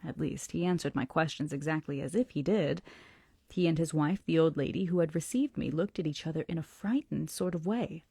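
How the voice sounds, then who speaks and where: A woman hosting a book club, reading a novel aloud slowly and deliberately, often dropping into whispers. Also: deep voice, gravelly, mellow, slightly rough, no room sound, studio quality. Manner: slow, deliberate, dips into whispers.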